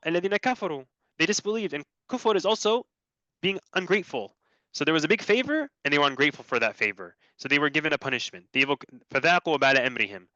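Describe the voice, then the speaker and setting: A quick, bright-voiced man lectures on scripture, moving straight from recited verses into eager English explanation. The recording is dry and a little dull. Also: on the high side, no echo. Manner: animated, quickly switching between recited Arabic and English explanation. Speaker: Islamic teacher presenting on Quran structure.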